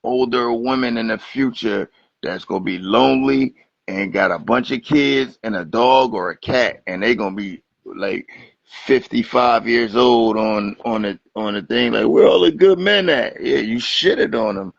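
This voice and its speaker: A man from Atlantic City, talking as a guest rapper in a casual interview, telling animated, profane stories. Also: fairly low pitch, a little slow, gravelly, dry recording. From Atlantic City, New Jersey. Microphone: Instagram Live stream. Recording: lo-fi livestream audio.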